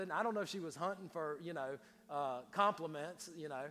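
In a church sanctuary, a man preaches a sermon built on folksy family stories and jokes, often repeating his words as he works toward his point. His voice is on the high side and fairly bright, a little fast with hardly any pauses, and the church hall gives it a long reverb.

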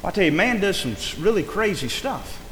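A man's voice: high-pitched, big pitch swings, a little fast, fairly bright tone. A man preaching a sermon in a rising and falling preaching cadence, often stressing his words. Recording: echoey hall with long reverb, faint noise.

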